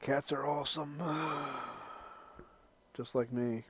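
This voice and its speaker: A man's voice: mid-range voice, normal speed. A man swearing his way through a ramble. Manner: profane, joking, rambling. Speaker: vlogger. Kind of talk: casual rambling vlog talk.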